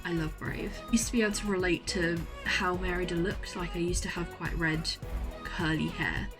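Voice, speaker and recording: A woman's voice: on the low side, steady tone, moderate pace, music in the background. A young woman in casual chat to camera, gushing and enthusiastic, often repeating herself, speaking from her university bedroom. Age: young adult. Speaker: vlogger.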